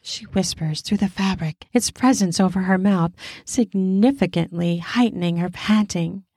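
A woman narrating an adult romance story in a slow, intimate reading. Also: mid-range voice, a little mellow, husky, dry recording, clean studio sound. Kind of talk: scripted erotic story narration.

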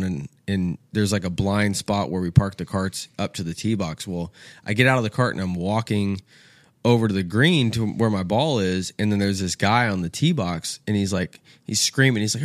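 This young man's voice sits low, captured without any room sound. Guesting on a podcast, he tells a story in relaxed, animated conversation, cursing liberally and performing the voices of those he's quoting.

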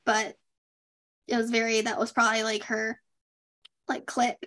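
A woman's voice: on the high side, a little slow. A young woman co-hosting a podcast, recapping a reality show in a chatty, sarcastic way. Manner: chatty, sarcastic, animated impressions. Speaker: podcast co-host. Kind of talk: casual recap chat.

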